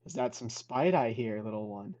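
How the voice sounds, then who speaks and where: A man's voice: on the low side, lively intonation, moderate pace, dark tone, close to an everyday voice. A man voicing a sarcastic, spectral human Jedi council leader who mocks the player's character. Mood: mocking. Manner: mocking, sarcastic.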